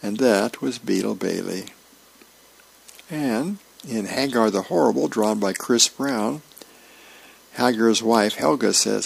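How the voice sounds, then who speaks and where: Low, gravelly-voiced volunteer reader. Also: male voice. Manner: folksy, unhurried reading with small slips. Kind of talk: reading newspaper comics aloud.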